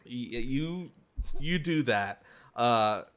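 A man narrating a tabletop game as game master, in a lively storytelling manner. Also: medium pitch, extremely slow.

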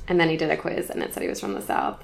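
A woman from Arizona and the American South co-hosting a casual podcast chat, laughing often in a relaxed, joking way. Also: sits low, rapid-fire, creaky. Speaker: podcast co-host.

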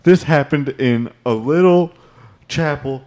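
A man's voice: fairly high pitch, unhurried, darkish tone. A man performing improvised comedy, rambling in a flustered, theatrical way. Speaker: comedian playing an officiant.

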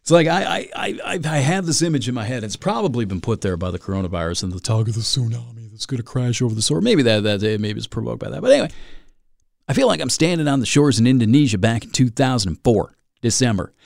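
Gravelly, animated man hosting a podcast. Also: mid-range voice, fast talker, no echo, studio quality. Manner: rambling, self-mocking, with dramatic asides. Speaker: podcast host. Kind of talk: solo podcast monologue.

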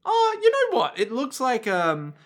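Animated, sarcastic man podcast co-host. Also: very high voice, measured pace. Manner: animated, sarcastic, swears casually. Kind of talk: casual chat recapping an anime episode.

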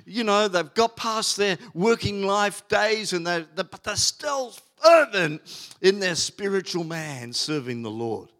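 A middle-aged man preaches a sermon from the pulpit. His voice sits a little high for a man. He leans hard on key words and stretches them out, with plenty of fillers and restarts in between. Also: fairly bright tone. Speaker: pastor.

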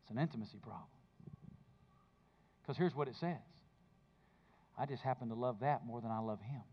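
A man preaching a sermon, moving between low intimate speech and loud emphatic bursts. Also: moderate pace, highs cut off. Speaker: pastor.

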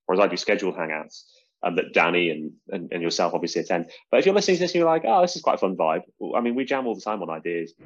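A man's voice: sits low, lively intonation, rapid-fire. A British man hosting a podcast, chatting casually about magic in a rambling, self-mocking way. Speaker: podcast host. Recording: dull lo-fi sound.

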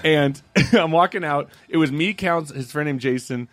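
A man's voice: on the high side, moderate pace, no echo. A man who is a film critic, telling a profane story in casual podcast chat and laughing through it.

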